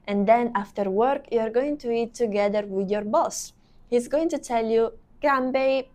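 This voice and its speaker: A young woman giving a video language lesson at an unhurried, careful pace. She explains slowly and repeats each example phrase so it sinks in. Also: on the high side. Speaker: language teacher.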